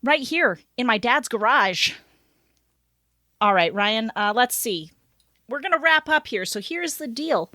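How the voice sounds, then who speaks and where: A woman co-hosting a podcast, reading funny stories aloud in an animated, giggly way. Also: fairly high pitch, unhurried, pauses often, dry recording, clean studio sound. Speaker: podcast co-host.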